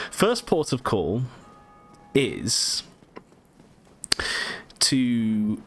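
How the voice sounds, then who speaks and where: A man's voice: on the low side, lively intonation, normal speed. A man giving casual let's-play commentary over a video game, chatty and self-deprecating, often stumbling over his words. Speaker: gameplay commentator.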